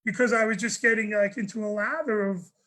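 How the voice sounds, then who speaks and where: A man, a guest on a panel, telling a personal story in an animated way, often restarting and repeating words. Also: sits high, a little fast, rough recording. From New York. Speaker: guest speaker.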